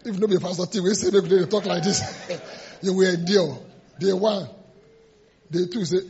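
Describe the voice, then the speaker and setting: A pastor with a high-sitting, darkish voice preaches at a measured pace, emphatic and repetitive, now and then laughing and acting out voices. The sermon comes through a dull, lo-fi recording.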